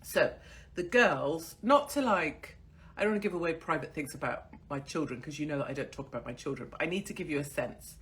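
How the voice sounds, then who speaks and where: A woman's voice: deep voice, lively intonation, fairly quick, a bit bright. A woman in her forties hosting her own online show, talking in a crude, sardonic and mocking way and swearing freely. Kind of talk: casual ranting monologue to camera.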